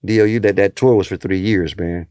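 This comedian speaks briskly in a dark tone with fairly even intonation, on a dry recording. In casual chat he tells stories and acts out the people he quotes, shifting his pitch for each one.

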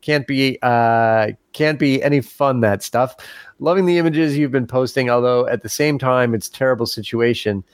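A man's voice: mid-range voice, normal speed, clean tone, no echo, studio quality. A man hosting a casual podcast, chatting and reading listener emails aloud with easy laughs.

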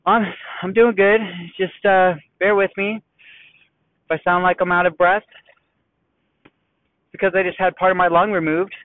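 A cheerful, determined student, slightly out of breath, as a man puts him on. He talks in a steady, upbeat way, a little higher than usual. The sound is thin and phone-like with a dry, close feel. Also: moderate pace, pauses often, dry recording, natural voice. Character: determined male student just out of surgery.

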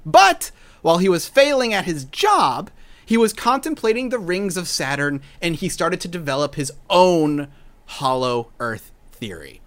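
A podcast host spins a history tale in loose, casual chat. The delivery is sarcastic and mocking, and the pitch swings widely and animatedly from phrase to phrase. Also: big pitch swings, unhurried.

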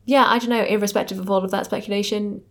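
A woman's voice: medium pitch, fairly even intonation, fast talker, fairly bright tone. A woman co-hosting a podcast, chatting casually about a TV episode and musing aloud, often trailing off and laughing. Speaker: podcast co-host. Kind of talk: casual chat reviewing a TV episode.

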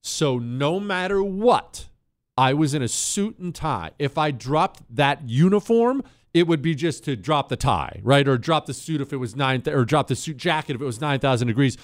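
A man's voice: fairly high pitch, animated, normal speed, dry recording. A man hosting a talk radio show, delivering an emphatic, opinionated monologue with sarcastic asides into a studio microphone.

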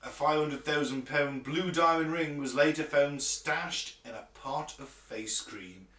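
Wry podcast co-host, off-mic. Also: male voice, a little high, measured pace, fairly bright tone. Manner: laid-back, wry, reads facts aloud. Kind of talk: casual chat. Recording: distant mic in an echoey room.

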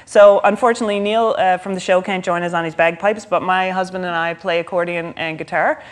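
A woman artistic director putting questions to a guest onstage in a hesitant, halting way. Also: lowish voice, fairly even intonation. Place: theatre stage before an audience.

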